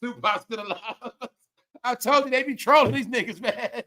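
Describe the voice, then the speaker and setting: A young man hosting a live gossip commentary stream, loud and laughing, often calling out to viewers. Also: very high voice, moderate pace. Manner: loud, laughing, repetitive, addresses viewers as y'all. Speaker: commentary host.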